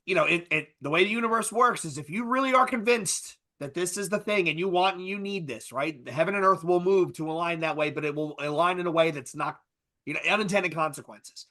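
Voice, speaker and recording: Male panelist, bright upper voice, rambling and self-correcting delivery. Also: on the high side, brisk. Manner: rambling, self-correcting, keeps adding "right?". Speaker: podcast panelist. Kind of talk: casual panel discussion.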